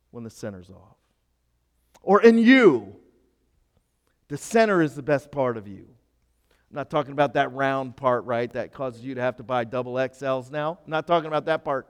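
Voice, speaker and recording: A man preaching a sermon as pastor, emphatic and swinging from loud to hushed. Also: medium pitch, expressive, normal speed, pauses often, clean tone, big-room sound.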